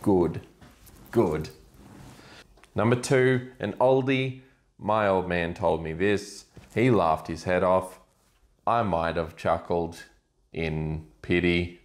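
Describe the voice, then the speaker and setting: A middle-aged dad with a lowish voice who tells his jokes at a slow, unhurried pace. He delivers them deadpan and groans at his own punchlines, self-deprecating throughout. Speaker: father telling dad jokes. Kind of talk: deadpan joke telling.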